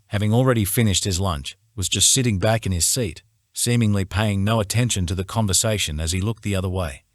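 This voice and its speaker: A man reads a romance novel in the first person with steady, measured storytelling. His voice sits very low. The studio recording is dry and close, with no room sound. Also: dry recording. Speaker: audiobook narrator. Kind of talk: scripted first-person narration.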